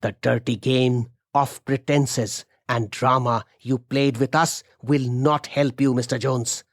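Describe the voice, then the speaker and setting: A vengeful businessman spits slow, cold threats in a measured, mid-range male voice, as a man reads him out. The delivery is unhurried and the sound is dry and close. It comes across as a storytelling podcast. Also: medium pitch, steady tone, no echo. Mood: menacing.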